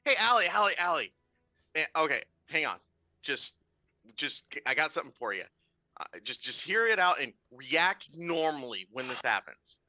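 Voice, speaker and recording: A man's voice: mid-range voice, sing-song, moderate pace, bright, forceful tone, no echo. A man voicing a pushy half-elf prankster who eagerly tells a joke. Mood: wheedling. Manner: eager, wheedling joke-telling.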